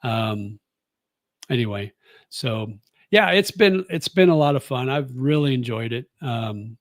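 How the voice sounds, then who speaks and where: A man's voice: medium pitch, animated, unhurried, dry recording. A man in his sixties from the United States, chatting casually as a vlogger and answering viewer comments in a rambling, easygoing way. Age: 60s. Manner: rambling and easygoing, with many fillers and restarts. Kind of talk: casual chat.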